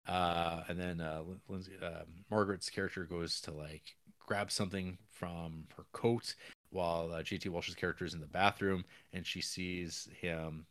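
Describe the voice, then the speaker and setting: A man co-hosting a podcast, casually recapping a film's plot in a rambling way, with lots of fillers and restarts and quick acted-out character lines. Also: low voice, steady tone, a bit bright, dry recording. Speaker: podcast co-host. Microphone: podcast microphone.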